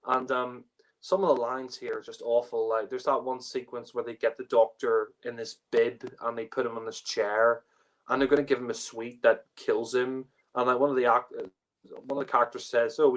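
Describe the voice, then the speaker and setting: A man's voice: mid-range voice, level tone, moderate pace. Rambling, laughing man in casual chat. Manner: laughing, swearing, rambling with fillers. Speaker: podcast co-host. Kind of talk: casual chat, reviewing a TV story.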